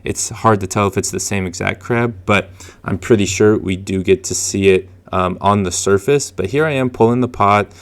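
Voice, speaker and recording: Low, gravelly-voiced man narrating casually. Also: normal speed. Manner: chatty and chuckling, with many fillers. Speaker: fishing channel host.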